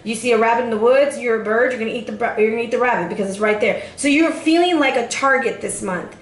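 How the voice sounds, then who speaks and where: A woman's voice: a little high, quick pace, echoey room. A woman giving a casual tarot forecast straight to the viewer, sassy and chatty, calling her listener baby. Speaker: tarot reader.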